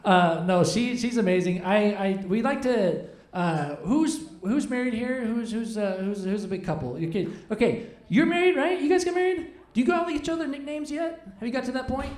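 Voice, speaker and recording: A man's voice: very high-pitched, normal speed, a little mellow. A man in his forties doing a rambling, self-deprecating stand-up set, chatting with the audience from a club stage. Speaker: stand-up comedian. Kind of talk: stand-up comedy set with crowd work. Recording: echoey live room.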